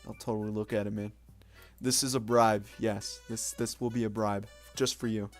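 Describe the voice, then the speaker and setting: A man's voice: fairly low pitch, flat delivery, normal speed, soft background music. A young man streaming late at night, chatting casually with viewers in a rambling, self-mocking way, swearing now and then.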